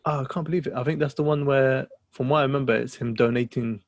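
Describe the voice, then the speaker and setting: A man's voice: mid-range voice, steady tone, fast, no echo. A man co-hosting a podcast in casual chat, rambling with fillers and restarts. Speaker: podcast co-host.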